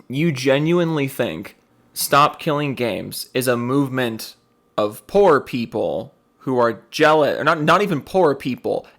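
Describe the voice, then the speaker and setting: A young man talks over a clip in a medium-pitched voice, sarcastic and profane. He rambles and circles back on his own points, mocking the argument as he goes. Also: fairly bright tone. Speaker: video commentator reacting to a clip. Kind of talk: sarcastic reaction commentary.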